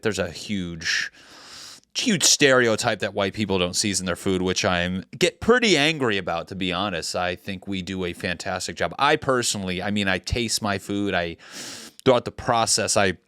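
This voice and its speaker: A man's voice: low-pitched, fairly bright tone, clean tone, dry recording, clean studio sound. A man in his thirties hosting a comedy podcast, ranting in a rambling, heated way with many restarts. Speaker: podcast host.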